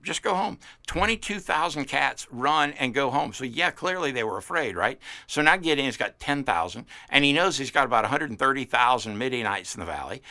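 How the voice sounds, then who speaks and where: A man's voice: mid-range voice, animated, fairly quick, hardly any pauses, pushed and bright. A man in his fifties preaching a casual, folksy sermon, telling stories with playful character voices. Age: 50s. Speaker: pastor.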